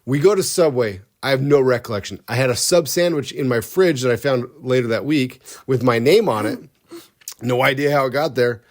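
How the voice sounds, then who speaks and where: A male podcast co-host tells a story in a loose, rambling way. He often breaks off his own sentences and restarts them, and keeps a light comic tone. His voice sits at an ordinary, mid-range pitch for a man. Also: a little fast. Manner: rambling, self-interrupting, comic. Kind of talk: casual storytelling.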